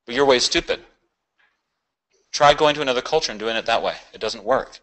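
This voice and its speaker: A man in his forties, a therapist leading a workshop, talking in an emphatic, animated way and often asking "right?". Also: medium pitch, brisk, low-quality recording. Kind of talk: informal workshop talk.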